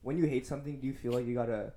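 A man's voice: medium pitch, fairly even intonation, very fast, dark tone. A young man co-hosting a podcast, talking in a laid-back, slangy, joking way. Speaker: podcast co-host. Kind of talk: casual chat.

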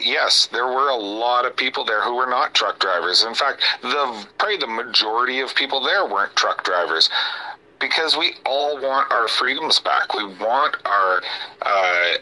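A man's voice: medium pitch, sharp tone, low-quality recording. A man from Canada co-hosting a political talk show, conversational and wry. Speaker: podcast co-host.

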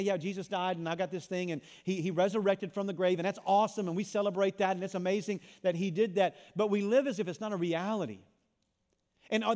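A pastor preaching a sermon to his congregation, swinging between loud emphatic lines and hushed ones. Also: high-pitched, big-room sound. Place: church sanctuary.

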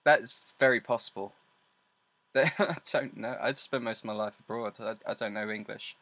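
A man's voice: fairly low pitch, normal speed, fairly bright tone, no echo. Teasing, laughing male radio host. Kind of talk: casual radio chat.

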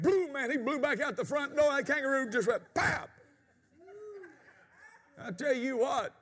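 High, bright-voiced preacher. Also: male voice. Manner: storytelling, shouting exclamations, preaching cadence. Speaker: pastor. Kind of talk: sermon. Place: church sanctuary.

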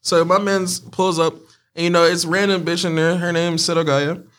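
A man's voice: on the high side, flat delivery, normal speed, fairly bright tone. Male co-host, casual slangy storyteller, laughs easily. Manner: laid-back slangy storytelling, acts out lines, laughs often. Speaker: podcast co-host. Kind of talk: casual comedic chat, retelling a plot.

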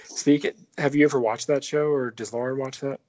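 A man's voice: mid-range voice, fairly even intonation, brisk, darkish tone. Thirtysomething guy on a podcast, chill joking chat, swears a lot. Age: 30s. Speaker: podcast co-host. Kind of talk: casual chat.

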